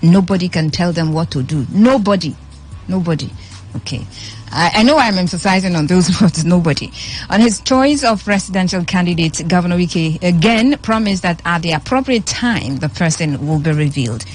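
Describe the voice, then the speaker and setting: A woman's voice: lowish voice, lively intonation, fairly quick. A woman with a Nigerian accent hosting a radio show, chatting and reading the news, stressing words by repeating them. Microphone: studio microphone.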